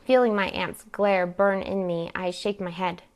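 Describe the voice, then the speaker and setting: A woman reading her own novel aloud at a live event, narrating in first person with measured pacing. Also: lowish voice, fairly even intonation. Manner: measured, plain narration with occasional slips.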